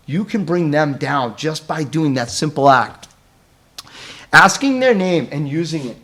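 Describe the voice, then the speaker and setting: A man presents a crisis-intervention training in a chatty way and keeps checking in with his listeners. His voice sits high, and his pitch swings widely as he slips in and out of acted-out examples. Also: moderate pace. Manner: animated, acts out scenarios in quoted voices; conversational, checks in with "right?".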